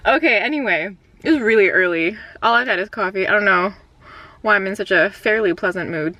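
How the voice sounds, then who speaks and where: A woman's voice: mid-range voice, a little fast, sharp tone. A young woman talking casually to the camera in a beauty vlog, chatty and rambling, with lots of fillers and small laughs. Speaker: beauty vlogger. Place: at home.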